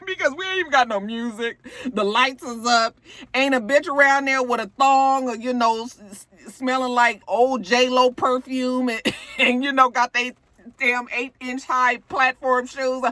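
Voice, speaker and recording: Woman, sassy recap host, lively swooping pitch, bright forceful voice, profane storytelling. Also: dry recording. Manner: acts out quotes in shifting voices. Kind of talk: casual recap commentary.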